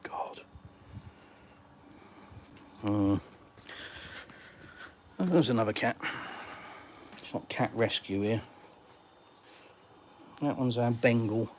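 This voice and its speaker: A man's voice: mid-range voice, drawn-out words, pauses often, slight background noise. A middle-aged Englishman chatting casually on a live stream, reading viewer comments and calling people mate. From England.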